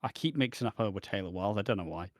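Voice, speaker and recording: A man with a lowish voice, talking in a laid-back, offhand way as a podcast co-host. His remarks are dry and tend to trail off, and the recording is close and dry with no room sound. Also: expressive, fast, no echo. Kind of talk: casual chat reviewing wrestling.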